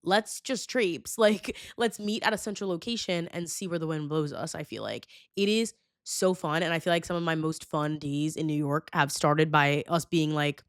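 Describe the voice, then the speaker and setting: Woman in her 20s gossiping on her podcast, kinda low voice, super dramatic, lots of likes, dry close mic. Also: normal speed, few pauses, dry recording. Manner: chatty, filler-heavy, dramatic and animated. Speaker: podcast host. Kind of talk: casual solo podcast chat. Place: New York.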